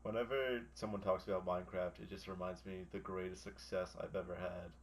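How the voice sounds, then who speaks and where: A man's voice: deep voice, steady tone, a little fast. A young American man chatting casually on a podcast, blunt and sweary, with a dry, teasing way of talking. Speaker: podcast co-host. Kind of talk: casual chat.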